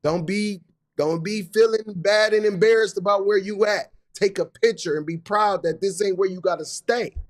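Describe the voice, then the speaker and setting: A man's voice: sits high, moderate pace. A man hosting a live business stream, talking in a hyped, repetitive way with casual slang. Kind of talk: motivational live talk.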